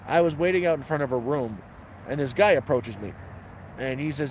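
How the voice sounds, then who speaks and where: A man's voice: fairly high pitch, a little fast, a little hiss or hum, low-quality recording. A man telling stories in blunt, profane, casual chat, outdoors by a city street. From Canada. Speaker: homeless vlogger answering questions. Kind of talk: casual storytelling.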